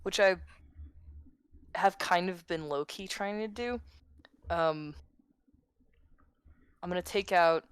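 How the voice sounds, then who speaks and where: A woman's voice: on the low side, slow, pauses often, clean tone, dry recording. A woman playing a tabletop game, chatty and hesitant, often correcting herself. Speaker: player. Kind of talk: casual tabletop play.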